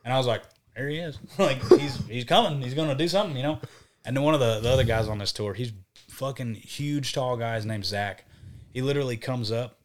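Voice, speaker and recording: A man's voice: medium pitch, a little fast. A young man, a band vocalist, telling a road story in casual podcast chat, cursing freely and acting out what people said. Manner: profane, animated, acts out quotes.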